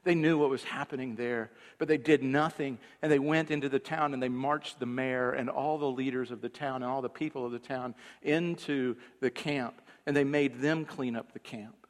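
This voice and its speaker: A man preaching a sermon as the pastor, telling stories and moving between loud, emphatic passages and hushed, low ones. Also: steady tone, moderate pace, few pauses, big-room sound.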